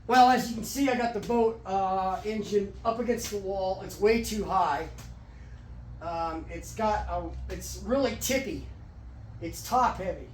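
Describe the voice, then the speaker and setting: A man's voice: high-pitched, slight background noise. Rambling man in an echoey garage. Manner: rambling, halting, many restarts. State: out of breath. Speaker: garage channel host. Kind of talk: casual workshop vlog. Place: home garage.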